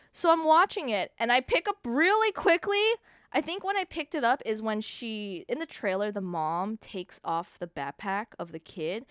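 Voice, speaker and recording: A woman live streamer chatting casually with her viewers, telling stories in an animated way with frequent laughs and swearing. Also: a little high, smooth, no room sound, studio quality.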